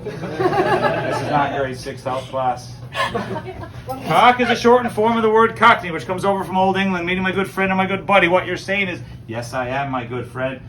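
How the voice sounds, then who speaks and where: A man's voice: sits high, sing-song, normal speed, slight background noise. A man with a Newfoundland accent leading a crowd through a joking screech-in ceremony, playful and teasing. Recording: distant mic with loud background.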